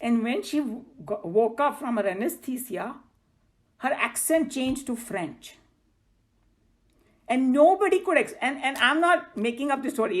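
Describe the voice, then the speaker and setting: Indian lady teaching a scripture class, slightly high voice, rambling and chatty, tells stories. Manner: chatty, loose phrasing, slips into Hindi. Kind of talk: informal spiritual teaching with personal stories.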